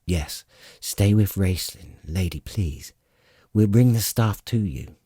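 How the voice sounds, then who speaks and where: A man's voice: lowish voice, takes it slowly, warm tone, no echo, clean studio sound. A man voicing a stern, curt male warrior of few words.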